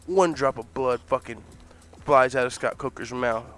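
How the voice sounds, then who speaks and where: A man telling a comic fantasy story in an animated, profane way, laughing often. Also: medium pitch, moderate pace, no room sound, soft background music.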